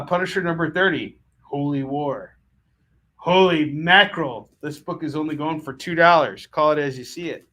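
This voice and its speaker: A man's voice: on the high side, fairly bright tone. A man running a live comic book sale, full of puns and jokey sales patter.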